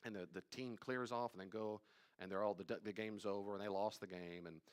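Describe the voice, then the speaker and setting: A man leading a live church study, talking conversationally with playful asides and sudden loud acted-out quotes. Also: on the low side, fairly even intonation, fairly quick, clean tone. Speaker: pastor teaching a study. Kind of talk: live teaching talk on anxiety. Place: church room with live audience.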